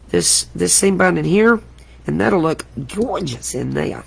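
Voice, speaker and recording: Chatty middle-aged woman with a gravelly edge. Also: fairly low pitch, lively intonation, a little slow. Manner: chatty, exclamatory, laughs at herself. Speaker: crafting host. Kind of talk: live craft tutorial chat.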